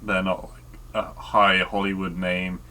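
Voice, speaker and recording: A man co-hosting a casual podcast chat, talking hesitantly with many pauses and fillers. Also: sits low, level tone, bright, forceful tone. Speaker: podcast co-host.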